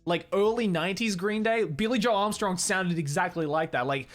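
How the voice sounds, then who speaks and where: A man's voice: fairly high pitch, normal speed, faint music behind. A young Australian man streaming in a studio, chatting casually and animatedly. He swears often and laughs a lot. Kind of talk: casual chat. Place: studio, indoors.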